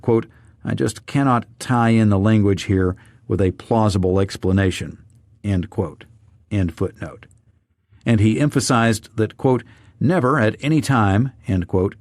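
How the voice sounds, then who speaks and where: Male audiobook narrator, measured and low, reads reports, dry booth sound. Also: a little mellow, no room sound. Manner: measured, reads quotes and footnotes aloud. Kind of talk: reading a government report aloud.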